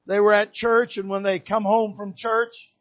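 An older male pastor from Michigan preaches from the pulpit in a notably high voice. He swings from shouted exhortation down to hushed, soft emphasis. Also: flat delivery, normal speed. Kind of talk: preaching a sermon. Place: church pulpit.

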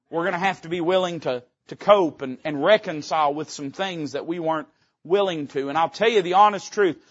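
Emphatic preacher, high voice. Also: male voice. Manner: emphatic, rising and falling with dramatic pauses. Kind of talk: sermon. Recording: dull lo-fi sound.

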